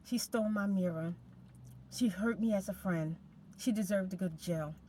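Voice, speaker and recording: A woman's voice: mid-range voice, moderate pace, warm tone, a little hiss or hum. A middle-aged woman hosting a storytime, talking casually in a rambling, conversational way. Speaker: ASMR storytime host.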